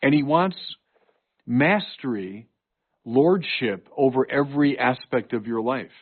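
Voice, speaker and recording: A bishop talking in phone-band sound. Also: male voice, medium pitch, lively intonation, unhurried, narrow, tinny audio. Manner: earnest, emphatic, storytelling. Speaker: bishop, show guest. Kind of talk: conversational podcast chat. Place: home studio.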